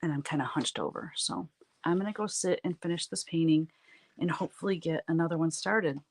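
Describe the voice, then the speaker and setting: A woman with a low, deep speaking voice chats casually with her live viewers while she paints. She tells stories in a loose, chatty way and laughs often. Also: lively intonation, a little fast. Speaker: artist hosting a live stream. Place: home art studio, standing at work.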